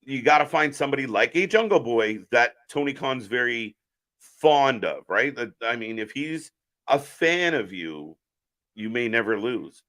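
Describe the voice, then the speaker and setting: Man, live watch-along host, casual commentary, chatty, sharp bright tone. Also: medium pitch, animated, unhurried. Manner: chatty, answers viewer chat while calling the action.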